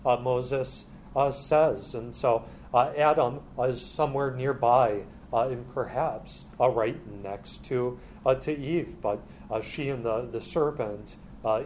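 A man teaching through a Bible passage in a halting way, with many filler sounds. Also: mid-range voice, a little mellow, slight background noise.

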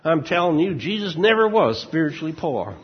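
A man's voice: fairly high pitch, sing-song, brisk, slightly rough, muffled recording, voice pushed up. A man imitating an insistent preacher with a Southern accent, voice raised and drawn out in a preaching cadence. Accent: American Southern (put on). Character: fiery southern-drawling male preacher, insistent.

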